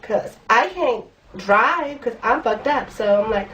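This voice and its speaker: A woman's voice: medium pitch, normal speed, few pauses, fairly bright tone, slight background noise. A young woman vlogger telling a blunt, profane story in casual slang, recorded in her room. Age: young adult. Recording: voice a bit far from the mic.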